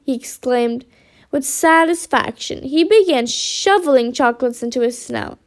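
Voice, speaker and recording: A woman reading a children's storybook aloud with lively expression. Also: sits high, a little slow.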